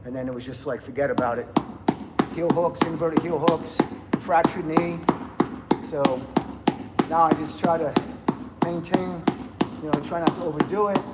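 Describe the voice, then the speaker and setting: 50s guy rambling on a live stream in a gym, lots of clatter behind, kinda high voice. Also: moderate pace, pauses often, heavy background noise. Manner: rambling, laughs often, greets chat viewers. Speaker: livestreamer. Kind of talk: casual livestream chat.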